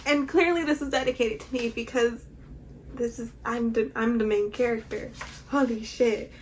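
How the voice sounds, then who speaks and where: A young woman vlogging casually about a book, excitable and dramatic, with bursts of laughter and squeals. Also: on the high side, moderate pace, a little hiss or hum. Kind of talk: casual reading vlog chat.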